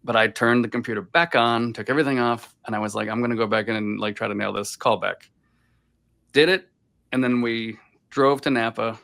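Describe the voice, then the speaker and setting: A man's voice: mid-range voice, fairly even intonation, a little fast, vocal fry, fairly bright tone. A man from Boston, a voice actor guest, telling rambling anecdotes in a casual interview over a video call. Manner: rambling anecdotes full of filler "like".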